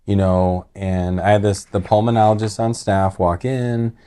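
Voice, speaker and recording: A middle-aged man with a fairly low voice tells a personal story. He rambles earnestly, restarting sentences and leaning on filler words as he goes. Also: little pitch movement, measured pace, dark tone, clean tone. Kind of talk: casual emotional storytelling.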